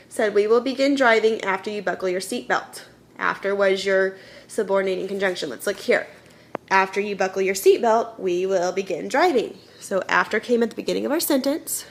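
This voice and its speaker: A woman's voice: medium pitch, moderate pace. A woman teaching a children's grammar lesson, patiently explaining step by step and often checking in with "okay?". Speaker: elementary school teacher.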